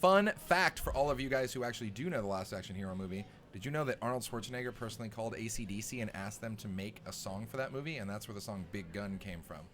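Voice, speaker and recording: A young man doing live poker stream commentary, jokey and playful, with sudden loud bursts. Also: lowish voice, fast, hardly any pauses, slight background noise.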